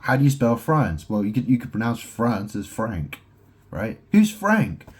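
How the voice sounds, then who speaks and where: Slow, husky-voiced man rambling at home. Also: mid-range voice, sing-song, darkish tone. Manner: meandering, wordplay-heavy, with many "right?" asides. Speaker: solo vlogger. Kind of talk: rambling monologue to camera. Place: at home in his house.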